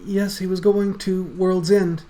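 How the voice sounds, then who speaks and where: A jittery rat-man captive , played by a man, in a tabletop game session. He talks in a raised, higher voice, tripping over his words and begging. Fear runs through every broken phrase. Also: little pitch movement, measured pace, mellow. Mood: nervous. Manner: stammering, pleading. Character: nervous male rat-man captive, stammering and pleading.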